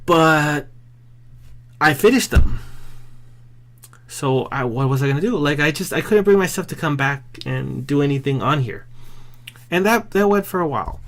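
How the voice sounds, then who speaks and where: A man's voice: a little high, expressive, normal speed, pauses often, fairly bright tone. A man talking straight to camera in a casual, rambling vlog, self-deprecating and often restarting his sentences. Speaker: vlogger.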